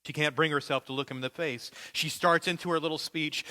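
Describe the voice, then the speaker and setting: Man preaching, bright forceful voice, dramatic storyteller, kinda high. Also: fairly even intonation, a little fast. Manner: vivid storytelling, dynamic, dramatic. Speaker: pastor. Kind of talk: sermon.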